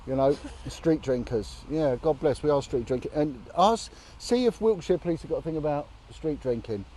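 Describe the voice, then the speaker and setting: A man's voice: fairly high pitch, lively intonation, normal speed, dark tone, a little hiss or hum. A man vlogging from a roadside bench on a long walk, talking earnestly and indignantly, with blunt swearing. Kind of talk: casual outdoor chat to camera. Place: outdoors, sitting on a bench by a road.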